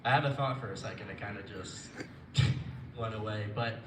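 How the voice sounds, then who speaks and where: A man's voice: on the low side, moderate pace. A young man from Florida doing a rambling, profane stand-up set who loses his train of thought at times. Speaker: stand-up comedian. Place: live comedy venue. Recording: echoey room, mic at a distance, noisy.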